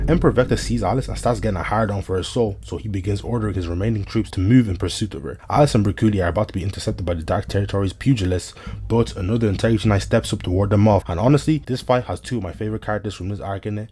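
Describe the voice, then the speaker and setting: A man's voice: fairly low pitch, darkish tone, a little hiss or hum. A man narrating an anime recap in a casual, comedic commentary style, full of slang and joking asides to the viewer.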